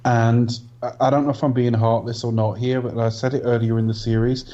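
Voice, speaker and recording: A man's voice: medium pitch, little pitch movement, brisk, mellow. A man co-hosting a casual film review podcast, giving blunt, dismissive opinions with the odd swear. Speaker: podcast co-host. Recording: dull lo-fi podcast audio.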